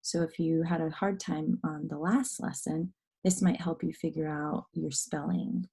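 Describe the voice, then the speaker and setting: A woman teaches early phonics, breaking words into syllables and praising young learners as she goes. Her voice sits low with a slightly husky, gravelly texture. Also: fairly even intonation, unhurried, warm tone, rough recording. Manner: patient, sounds out letters and syllables, encouraging. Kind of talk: slow, clear phonics lesson for young children.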